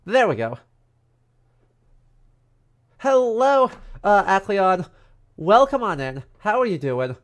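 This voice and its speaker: With a nasal, stuffed-up voice that sits high, this man is very animated yet slow, pausing often. He's a history streamer giving a loose, joking livestream lecture from home in the countryside, peppered with asides and filler words.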